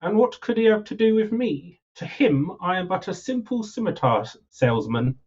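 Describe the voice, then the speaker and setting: Guy doing a sneaky game shopkeeper voice, hammy and a bit higher, kinda lo-fi. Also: very animated, moderate pace, a little mellow, slightly rough, exaggerated voice. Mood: sly. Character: scheming male scimitar merchant, sly and theatrical. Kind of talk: reading game dialogue aloud on a livestream.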